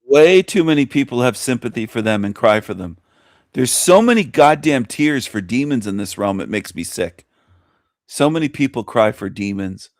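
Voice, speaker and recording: A man's voice: medium pitch, animated, moderate pace, dry recording, studio quality. A man hosting a talk show, ranting bluntly and scornfully with lots of profanity and repetition. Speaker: show host. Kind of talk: ranting commentary over clips.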